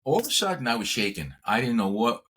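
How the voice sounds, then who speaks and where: A middle-aged man from Brooklyn, a chiropractor guest telling his story in an interview in an animated, emphatic way, repeating words for stress. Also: mid-range voice, fast, slight background noise. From Brooklyn, New York.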